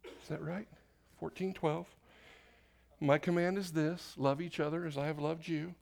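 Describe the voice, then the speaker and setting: A man preaching from the pulpit of a church, his voice sitting a little higher than most men's. He talks loosely and casually, stumbling over verse numbers, laughing at himself and tossing questions out to the congregation. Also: steady tone, measured pace, gravelly, darkish tone. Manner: off-the-cuff, self-correcting, asks the congregation questions. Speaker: pastor. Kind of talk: sermon. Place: church sanctuary.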